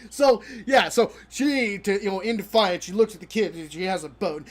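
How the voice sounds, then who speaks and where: High-voiced exasperated male streamer. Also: expressive. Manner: exasperated, mocking, laughing often; halting with many restarts. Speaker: live streamer. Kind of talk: live-stream reaction commentary while gaming.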